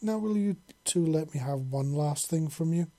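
A man's voice: a little high, moderate pace, no room sound, lightly acted. A man reading a storybook, voicing a confident, flirtatious female lizard-folk woman who talks boldly and teasingly. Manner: bold, teasing, warm-hearted.

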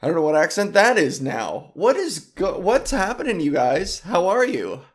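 A man's voice: sits high, sing-song, normal speed. A man hosting his own podcast, chatting alone in a rambling, impulsive and self-mocking way, trying out goofy names. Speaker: podcast host. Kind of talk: casual solo podcast chat.

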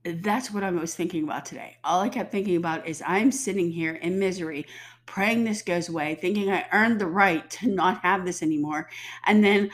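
With a stuffy nose and sore throat, a woman in her fifties rants bluntly and profanely to the camera in a casual way. Her voice runs on the low side at a moderate pace.

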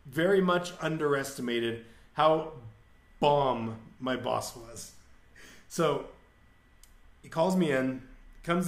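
A young man hosting a podcast, telling a candid, rambling anecdote with crude humor and acted-out quotes. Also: medium pitch. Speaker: podcast host. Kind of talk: casual storytelling monologue. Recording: echoey room.

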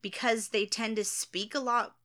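Bright, laughing woman in casual chat. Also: on the high side, fairly even intonation, moderate pace. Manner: laughs often, hesitant with ums, self-deprecating. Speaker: co-host answering viewer questions.

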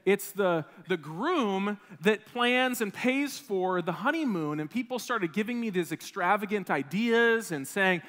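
A man in his thirties from Wisconsin, preaching a sermon as a pastor, telling a personal story in an animated, self-deprecating way with frequent restarts. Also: high-pitched, unhurried, few pauses. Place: church sanctuary. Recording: long reverb of a church hall.

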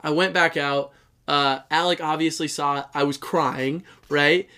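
A man's voice: a little high, fairly even intonation, measured pace, sharp tone, clear, resonant tone. Chatty man telling a rambling story. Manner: rambling storyteller, swears, many fillers. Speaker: podcast co-host. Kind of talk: casual chat between brothers.

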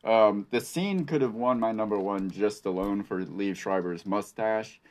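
A man co-hosting a podcast, walking through his favorite scenes of a film in a relaxed way. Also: lowish voice, measured pace. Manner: relaxed, listing favorite scenes with a few fillers. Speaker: podcast co-host. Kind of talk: casual film discussion.

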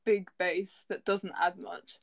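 A woman's voice: fairly low pitch, level tone, slow pace, vocal fry. A woman in casual chat about music, chatty and laughing often, often restarting her sentences.

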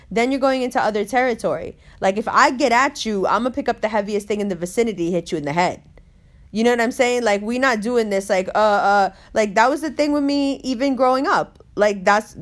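A woman tells a story in loose, casual chat. She swears constantly and keeps the telling animated as she goes. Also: a little high.

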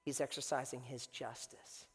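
A man preaching a sermon to a congregation, swinging from shouting to hushed tones and acting out the lines he quotes. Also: medium pitch, little pitch movement, normal speed, husky. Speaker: pastor. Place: church sanctuary before a congregation. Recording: echoey hall reverb.

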